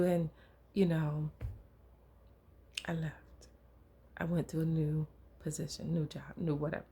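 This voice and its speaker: A woman giving an informal sermon in a casual storytelling manner. Her voice is gravelly and husky and sits somewhat low. She talks conversationally, as if among friends. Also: little pitch movement, measured pace, pauses often, mellow. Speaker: preacher.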